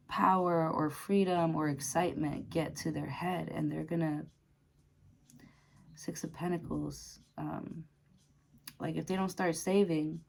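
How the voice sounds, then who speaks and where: A woman's voice: low voice, gravelly, a little mellow. A woman doing a casual tarot reading to camera, chatty and laughing often, with lots of fillers. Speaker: tarot reader.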